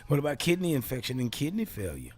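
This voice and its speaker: A man's voice: mid-range voice, wildly swooping pitch, quick pace, a little mellow, soft background music. A male talk show host in a casual solo show, riffing playfully and laughing at his own jokes. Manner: playful, self-amused riffing.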